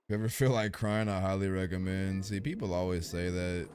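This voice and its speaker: A man's voice: sits low, fairly quick, a little mellow, faint music behind. Slangy rambling young male streamer. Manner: rambling, slangy, lots of fillers. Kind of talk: casual stream chat.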